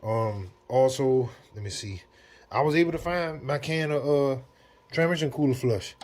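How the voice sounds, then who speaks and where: A man's voice: mid-range voice, moderate pace, background noise. A man, talking viewers through a car repair step by step in a casual, easygoing way while working in a garage. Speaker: DIY mechanic. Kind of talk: casual how-to narration.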